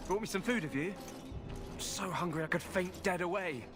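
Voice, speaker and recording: A man's voice: high-pitched, normal speed, over music, lightly acted. A man voicing a hungry, weary prisoner who is awaiting hanging in a game, polite and grateful. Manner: grateful, polite and old-fashioned.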